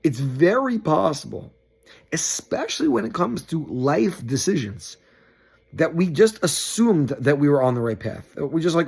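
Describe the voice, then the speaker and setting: A man giving a short, upbeat weekly Torah talk, telling the story with lively acted-out quotes. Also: on the high side, measured pace, creaky, breathy edge. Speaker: Torah teacher.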